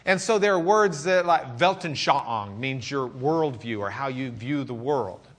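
A man from Lubbock, Texas, with a Texan accent teaches a church class in a conversational sermon style. At medium pitch and a measured pace, he swings between loud questions and quiet musing.

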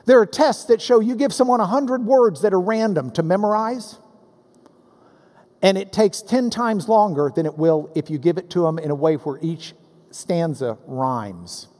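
A man delivers a sermon with a high, lively voice that swings up and down. He sounds out words and rhymes with animated relish. His voice rings through a church hall with a long reverb. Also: moderate pace. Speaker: pastor. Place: church sanctuary.

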